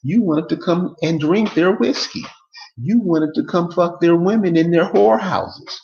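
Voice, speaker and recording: Guy ranting to his viewers, gravelly voice, keeps hammering the same questions. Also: sits high, unhurried, darkish tone, reverberant, dull audio. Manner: emphatic, repeats rhetorical questions. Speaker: online commentator. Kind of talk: casual monologue to viewers.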